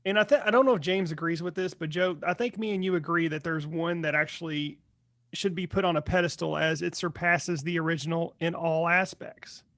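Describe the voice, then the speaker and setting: A man co-hosting a casual podcast, blunt and quick to swear. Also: a little high, fairly even intonation, fairly bright tone, no echo, clean studio sound. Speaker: podcast co-host. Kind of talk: casual chat.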